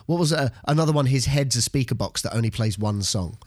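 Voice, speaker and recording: A man co-hosting a podcast in casual chat, animated and repeating words as he thinks. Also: mid-range voice, fast talker, no room sound. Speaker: podcast co-host.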